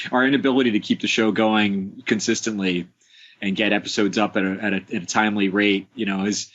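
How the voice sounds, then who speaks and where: A man's voice: lowish voice, steady tone, a little fast, fairly bright tone. A man being interviewed on a podcast about making his show, talking casually and rambling with many fillers, restarts and small chuckles. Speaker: interview guest, show creator. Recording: dull lo-fi podcast audio.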